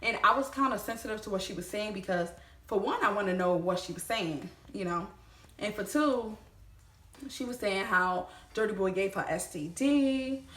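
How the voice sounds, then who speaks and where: Animated woman telling a storytime vlog. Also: medium pitch, roomy sound. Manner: animated, swears freely, addresses viewers as y'all. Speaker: vlogger.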